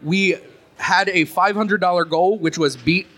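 A man's voice: high-pitched, unhurried, sharp tone. A man hosting a live podcast and narrating a tabletop game as game master, upbeat and friendly.

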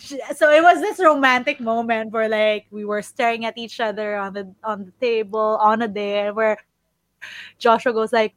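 A woman's voice: on the high side, normal speed, dry recording, low-quality recording. A woman who is a guest on a podcast, telling a story in a bubbly, laughing way. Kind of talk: casual chat.

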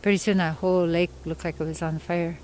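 A woman storyteller from Yukon, Canada, telling a traditional story in an unhurried, conversational way with pauses and asides. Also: fairly low pitch, level tone, a little mellow, poor audio. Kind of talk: oral storytelling.

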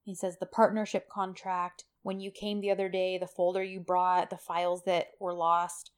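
A woman's voice: fairly low pitch, flat delivery, normal speed, clear, resonant tone. A woman co-hosting a casual podcast, animatedly retelling a TV episode and acting out the characters' lines. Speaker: podcast co-host. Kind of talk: casual chat recapping a TV episode.

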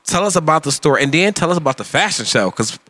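A man's voice: a little high, big pitch swings, fast, pushed and bright. A man hosting a casual podcast chat, blunt and joking, cursing freely and steering the talk to his guest. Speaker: podcast host.

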